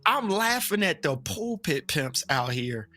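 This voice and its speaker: Animated, bright-voiced preacher man talking frankly. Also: fairly high pitch, soft background music. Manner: animated, acts out other people's voices; frank and joking, drops into slow emphatic phrasing. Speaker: guest, Baptist preacher. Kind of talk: casual opinionated chat.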